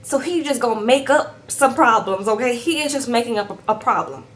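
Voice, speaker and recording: A woman's voice: a little high, brisk, slight background noise. A woman recapping a reality show in a sassy, chatty tone, keeps tagging her sentences with "okay?" and calls her viewers "girl". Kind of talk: casual recap chat.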